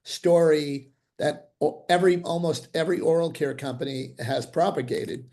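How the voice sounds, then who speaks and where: An older dentist with a gravelly, slightly high-set voice talks through a video call. He tells his stories animatedly and restarts sentences often. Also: normal speed. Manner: animated, acts out quoted voices, frequent restarts. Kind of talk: interview storytelling.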